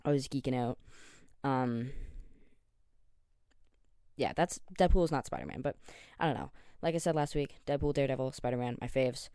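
A man's voice: medium pitch, normal speed, long pauses, dark tone, clear, resonant tone, dry recording. A young Canadian man in his twenties chats alone into the mic for his podcast, tired but still chatty. He rambles and cuts himself off, fills gaps with likes and ums, and gets keen about the superheroes he loves. The sound is dry and close, with no room around it. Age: 20s. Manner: rambling and self-interrupting, with many likes and ums. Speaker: podcast host. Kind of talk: casual solo podcast chat.

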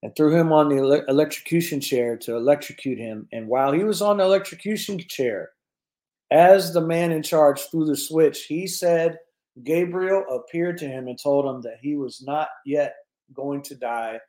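A man hosting a religious prophecy newscast, retelling a story and reading a testimony aloud with emphatic lifts on key words that fall away low. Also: moderate pace, warm tone, reverberant.

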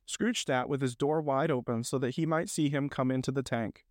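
A man reads a classic story aloud, expressive and unhurried. His voice sits in an ordinary middle range. The sound is close and dry, with no room around it. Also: mid-range voice, no echo. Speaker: audiobook reader.

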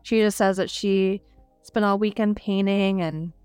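In a relaxed book review chat, this young podcast co-host recounts a novel's plot in a smooth, clear, mid-range voice, keeping a steady tone and measured pace. She chats easily, dropping in fillers and small laughs. The recording is close and dry, echo-free, with faint soft music behind her.

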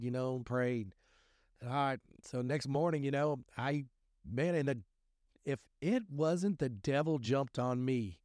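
A man's voice: mid-range voice, a little mellow, dry recording, studio quality. A man giving a rambling, folksy talk on scripture and recovery, full of restarts and fillers. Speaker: recovery podcast host.

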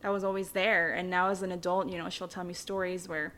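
A young Filipina vlogger recounts her childhood candidly and chattily, full of fillers and casual swearing. She speaks fairly quickly in a fairly low, fairly bright voice with a level tone.

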